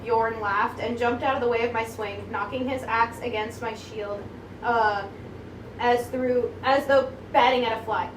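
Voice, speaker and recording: A young woman co-hosting a book club, chatting casually and reading passages aloud with quick acted-out quotes. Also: a little high, steady tone. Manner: retells scenes with quick acted-out quotes, laughs often. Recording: roomy echo, distant from mic, faint hiss.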